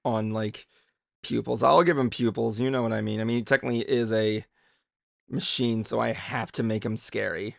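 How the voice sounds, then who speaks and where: A man's voice: medium pitch, steady tone, moderate pace, vocal fry, dry recording, studio quality. A man chatting casually and rambling while he draws, muttering to himself. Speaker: drawing vlogger. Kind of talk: casual chat while drawing.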